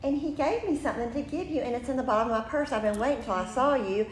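A woman doing a bubbly young college girl, gushing and high-pitched, as if she just spotted an old friend. She talks in an eager rush and soars up in pitch. The room sounds roomy and open. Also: quick pace, a little hiss or hum, close to an everyday voice.

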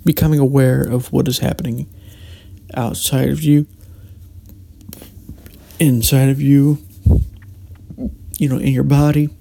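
A man's voice: mid-range voice, level tone, measured pace, creaky, long pauses, dark tone, slight background noise. A man hosting a solo podcast, talking reflectively in a meandering way, with frequent restarts and hesitations. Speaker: podcast host.

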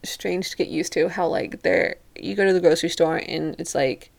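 A young woman from Europe vlogs a casual, chatty story, peppering it with "like" and acting out what others said. Her fairly low voice is gravelly and steady in tone, at a normal speed.

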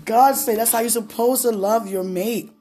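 A woman's voice: normal speed, faint music behind. Effusive woman murmuring to her husband. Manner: effusive, sighing "oh God" often, laughing, swinging from high excitement to low murmurs. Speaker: wife talking to her husband. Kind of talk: intimate casual talk to a partner.

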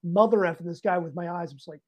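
An animated man spins a casual yarn as a podcast guest, jumping into other people's voices as he quotes them. He swears freely and lets his pitch leap when the story heats up. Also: fast talker. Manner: animated, profane, acts out both sides of dialogue. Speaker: podcast guest, Navy master chief. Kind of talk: casual anecdote in an interview.

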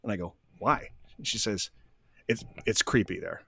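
A man calmly telling stories in an interview, acting out both sides of each conversation. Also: fairly low pitch, moderate pace, gravelly, husky, dry recording, studio quality. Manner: animated, acts out both sides of dialogue. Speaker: guest, spiritual medium. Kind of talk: conversational storytelling.

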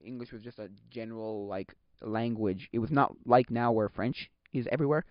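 A young man from Quebec talks in a loose, rambling way, often stopping mid-word to restart and sometimes breaking into exasperated rants. His voice sits at an ordinary middle pitch. The recording is dry and close but has a dull, lo-fi tone. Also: steady tone, moderate pace, dry recording. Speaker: podcast host. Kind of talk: casual chat. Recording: dull lo-fi sound.

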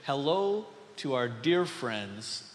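A man's voice: medium pitch, very animated, slow pace, in a large hall. A man from North Dakota preaching a sermon to his congregation in a casual, conversational way, with joking asides. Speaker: pastor. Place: church sanctuary.

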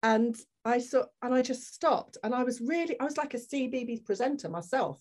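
A woman's voice: on the high side, moderate pace, few pauses. A woman guest on a podcast, telling a personal story candidly and acting out the people in it. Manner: animated, acts out the people in her story.

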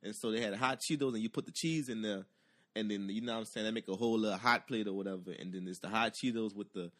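A man telling a long personal story in casual chat, animated and profane, acting out the voices of the people in it. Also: fairly low pitch, fast.

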